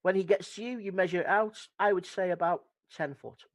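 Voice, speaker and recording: A man narrating a tabletop game as game master, describing scenes in a relaxed way. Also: high-pitched, brisk.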